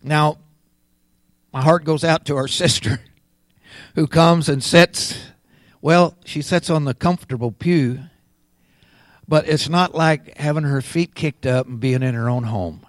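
A man preaching a sermon as pastor, unhurried and swelling louder and higher on key words. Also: no echo.

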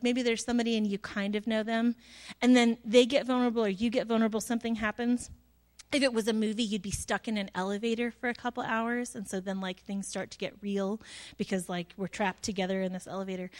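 A woman in her thirties, a pastor giving a casual, chatty sermon with lots of fillers and self-deprecating asides. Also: fairly high pitch.

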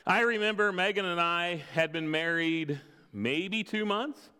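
A man's voice: high-pitched, unhurried, smooth. A pastor in his thirties giving a sermon with personal stories and self-deprecating humor. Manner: storytelling, self-deprecating humor with quiet laughs. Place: church sanctuary. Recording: long reverb of a large hall.

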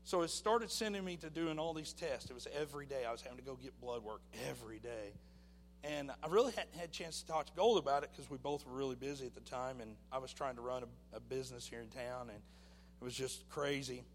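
Man sharing a personal testimony, mid-range voice, lively storytelling with acted-out voices; faint hum under the recording. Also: mid-range voice, fairly quick, long reverb tail. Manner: animated storytelling, acting out voices. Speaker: church testimony speaker.

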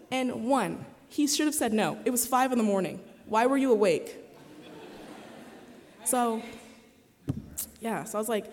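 A woman's voice: mid-range voice, normal speed, a little mellow. An eighteen-year-old woman giving a candid, chatty personal testimony to a chapel audience, full of fillers and retold dialogue. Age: 18, young adult. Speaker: student chapel speaker. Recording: long reverb of a chapel hall.

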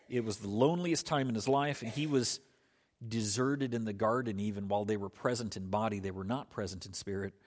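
A man preaching a sermon earnestly, with frequent restarts and emphatic rises in his voice. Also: lowish voice. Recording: long hall reverb.

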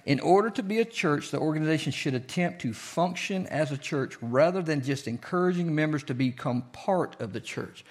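A pastor delivering a teaching sermon, his voice sitting a touch higher than most men's. He talks to the congregation directly, checking in with them and throwing out questions as he goes. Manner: conversational, asks the congregation questions.

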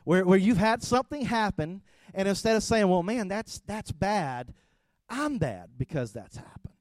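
A middle-aged pastor with a fairly high voice preaches in a chatty, storytelling way, often checking in with his listeners. The sound is close and dry, with no room echo. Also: moderate pace. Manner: conversational, storytelling, rising to loud animated retelling. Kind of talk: sermon.

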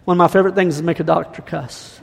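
Male preacher, fervent storytelling and declarations, raspy edge, reverberant hall. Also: fairly high pitch, steady tone, fast. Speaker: guest preacher. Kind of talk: sermon and prophetic declaration.

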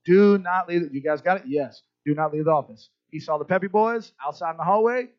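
A man's voice: on the high side, animated, fast, dry recording. A middle-aged man preaching a sermon to a church crowd, chatty and conversational, often checking in with his listeners. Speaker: pastor. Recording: dull lo-fi dry sound.

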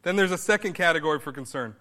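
Guy pastor preaching, bright kinda high-ish voice, chatty then punchy, big church echo. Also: animated, very fast, slight background noise. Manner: conversational preaching, rising to emphatic bursts. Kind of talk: sermon.

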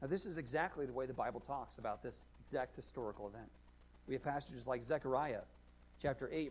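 A male pastor preaching a sermon, earnest, asking rhetorical questions, rising to emphatic points and dropping to quiet asides. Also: medium pitch, slight background noise, rough recording. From United States.

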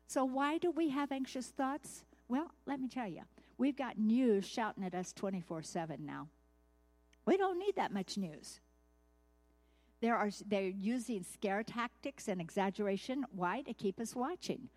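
A woman's voice: medium pitch, lively intonation, moderate pace, darkish tone. Conversational woman giving a sermon. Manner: conversational, asks the listeners questions. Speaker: Bible teacher. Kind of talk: devotional sermon.

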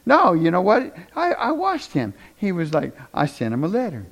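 This preacher has a high voice and a moderate pace, barely pausing as he addresses his congregation. Animated throughout, he tells stories, mimics the people he quotes, jokes with the room, and finishes with a prayer.

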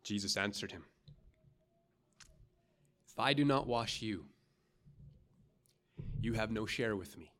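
A man preaching a sermon as pastor, earnest and dramatic, pausing often and checking in with the congregation with a quick "right?". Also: on the low side, lively intonation, fairly bright tone. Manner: earnest, dramatic, with pauses and rising emphasis; frequent "right?" asides to the congregation.

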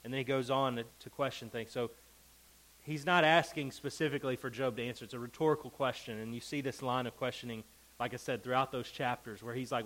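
Man, bible teacher, classroom lesson, animated reading, mid-pitched voice. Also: brisk, poor audio. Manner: animated, reads scripture with emphasis, checks in with "okay?" and "right?".

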